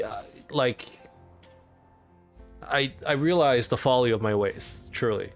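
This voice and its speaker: A man hosting a let's play, casually commenting on his game in an excitable, rambling way. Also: mid-range voice.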